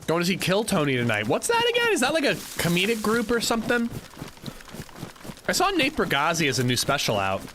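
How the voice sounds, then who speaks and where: A young man streaming a survival game, chatting casually with viewers and reading their messages aloud. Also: mid-range voice. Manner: relaxed, chatty, reads chat aloud. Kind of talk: casual gameplay chat with viewers. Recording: noisy livestream audio.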